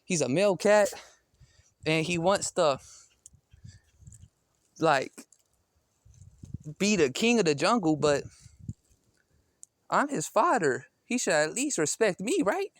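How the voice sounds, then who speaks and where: A man's voice: sits high, sing-song, takes it slowly, long pauses, no room sound. A man talking casually in a vlog, slangy and chatty, calling out to a cat in a backyard. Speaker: vlogger. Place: outdoors in a backyard.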